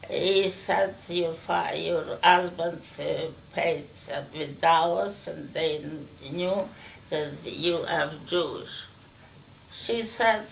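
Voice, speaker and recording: An older woman from Ukraine, giving an oral history interview in a halting way, repeating words as she searches for them. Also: on the low side, fairly even intonation, gravelly. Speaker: interviewee recounting wartime memories. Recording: distant mic, faint background noise.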